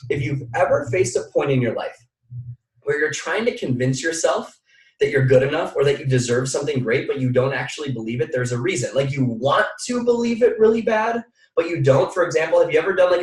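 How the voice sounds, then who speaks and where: A young man giving a motivational training talk, emphatic and energetic, speaking straight to his audience and hammering phrases through repetition. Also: fairly high pitch. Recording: echoey room, mic at a distance.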